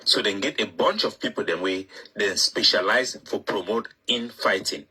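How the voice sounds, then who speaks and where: A man's voice: lowish voice, moderate pace, bright, forceful tone, breathy edge, poor audio. A man speaking Cameroonian Pidgin English, giving recorded political commentary in a matter-of-fact, explanatory manner.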